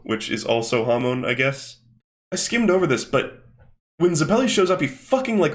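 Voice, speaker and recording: A young host with a medium-pitched, slightly bright voice comments casually while skimming a manga. He swears frequently and rambles, using lots of fillers.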